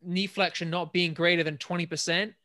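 A man's voice: high-pitched, flat delivery, fairly quick, sharp tone. A young man from England, co-hosting a casual podcast and explaining a sports injury study in a chatty way, often restarting his sentences. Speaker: podcast co-host.

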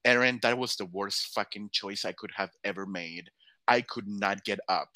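A man who performs in drag, telling a story in loose, animated chat. His voice sits a little low but sounds bright and forceful, and he curses freely as he acts out what other people said. The recording is dry and close, with no room sound. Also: normal speed, no room sound. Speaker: drag performer, podcast guest.

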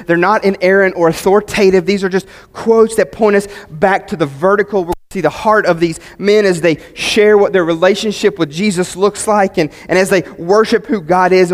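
A male pastor delivering a sermon with a notably high voice that climbs even higher when he presses a point. He speaks emphatically and builds to fervent peaks on key phrases. The sound rings with the long reverb of a large hall. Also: brisk, few pauses.

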